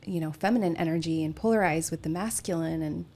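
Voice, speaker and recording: A woman in a casual spiritual podcast chat, calmly explaining her ideas. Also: sits low, fast talker. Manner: calm, explanatory, with short affirmations.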